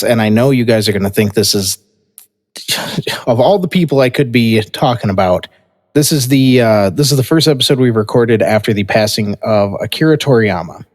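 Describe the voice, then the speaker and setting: Man hosting a podcast, echoey room. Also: medium pitch. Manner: halting, with many fillers and restarts. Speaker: podcast host. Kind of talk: casual chat.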